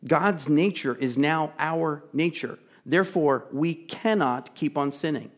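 A man preaching a sermon, earnest and emphatic, chatting with asides and sometimes dropping to a soft, pleading voice. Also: fairly high pitch, unhurried. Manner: drops to a soft, intimate tone to plead. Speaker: pastor.

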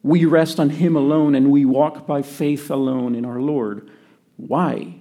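Gravelly-voiced man preaching a sermon. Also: fairly high pitch, steady tone, a little slow. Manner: earnest preaching, drops to quiet emphasis. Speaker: pastor.

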